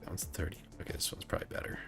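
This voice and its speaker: A man chatting casually with his stream audience, rambling and stop-start as he reads out the chat. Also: racing. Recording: faint music behind.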